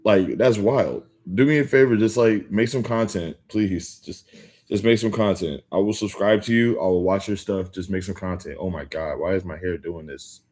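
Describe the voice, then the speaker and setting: A young man hosts a casual livestream from home, talking straight to his chat in a slangy, rambling way full of "like" and restarts. His voice sits on the low side for a man, and it jumps up when something surprises him. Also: normal speed, darkish tone. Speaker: livestream host. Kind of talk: casual live-stream chat with viewers.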